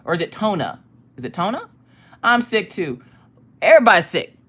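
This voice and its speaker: Woman streamer, lively up-and-down voice, greets chat by name, swears casually. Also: fairly low pitch, moderate pace, husky. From United States. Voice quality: ticklish cough in throat. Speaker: livestream host.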